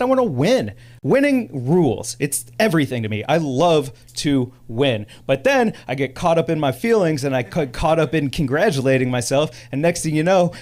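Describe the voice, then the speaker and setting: Animated stand-up comic on a club stage. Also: male voice, a little high. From Chicago. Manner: animated, exclaiming, laughing through lines. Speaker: stand-up comedian. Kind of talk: stand-up comedy set. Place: comedy club stage with audience.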